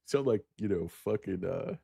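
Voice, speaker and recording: Casting note: very low-pitched male host, crude and self-deprecating, rambles off topic, close dry mic. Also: normal speed, vocal fry, slightly rough, dry recording. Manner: crude, self-mocking, riffs into jokey tangents; rattles off stock moves in a flat list. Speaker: stock market show host. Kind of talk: rambling casual market chat.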